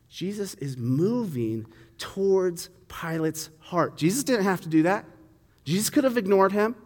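Guy preaching casually, bit higher voice, reverb-y room. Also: animated, unhurried, a little mellow. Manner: conversational, acts out dialogue with voices. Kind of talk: sermon, reading and explaining scripture.

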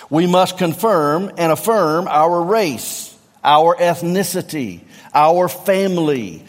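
A middle-aged man with a Southern US accent preaching a sermon, emphatic, repeating refrains and swinging from low tones to near-shouts. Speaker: pastor. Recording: long reverb of a large hall.

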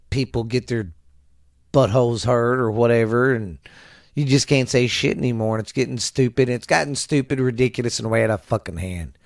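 A man's voice: medium pitch, gravelly, no echo. Profane rambling man on a dry mic. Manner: profane, ranting, stammering. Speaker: podcast host. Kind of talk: casual rambling monologue. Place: home at night.

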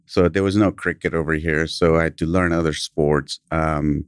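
A very deep-voiced man from Kenya speaks with a British accent, recorded in a dry, close setting. He is a company founder telling stories in a casual podcast interview. His delivery is animated, with chuckles slipped between anecdotes. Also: moderate pace, clear, resonant tone, no echo.

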